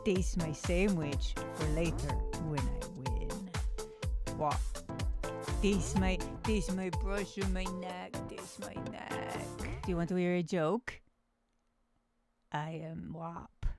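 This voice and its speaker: A woman voicing a boastful male cat with a put-on Eastern European accent, bragging in broken English in a comedic pitch video. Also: slow, loud music behind the voice. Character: boastful male cat, proud self-declared winner.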